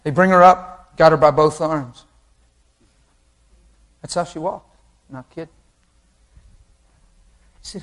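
A man preaching a sermon, telling an anecdote with lively acted quotes and laughing along with the congregation. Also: fairly high pitch, slow, long pauses. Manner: animated storytelling, voices quotes, laughs with the crowd.

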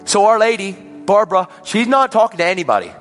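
Animated man preaching in a hall. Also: high voice, fast, soft background music. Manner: animated, swings from loud preaching to hushed. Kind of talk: storytelling sermon.

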